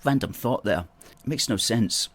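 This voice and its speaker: Opinionated Scottish man, lowish voice. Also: normal speed, fairly bright tone. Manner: opinionated, chatty, rambling with self-corrections. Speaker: host. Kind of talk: livestream commentary reading viewer comments.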